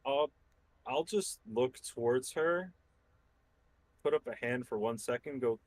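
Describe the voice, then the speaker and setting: A man speaking as a player in a tabletop game, hesitant and halting with ums. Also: mid-range voice, no room sound, rough recording. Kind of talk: casual role-play talk.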